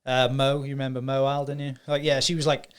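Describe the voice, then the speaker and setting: A man's voice: medium pitch, fast, clear, resonant tone. A man hosting a podcast, chatting casually with lots of filler words. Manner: relaxed, lots of "like". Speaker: podcast host. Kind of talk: casual chat.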